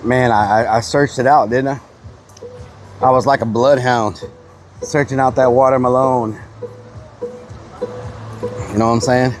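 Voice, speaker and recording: A man's voice: mid-range voice, fairly even intonation, unhurried, long pauses, music in the background. A man live-streaming outdoors in the heat, chatting playfully to his viewers and talking with his mouth full. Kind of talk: casual live-stream chat.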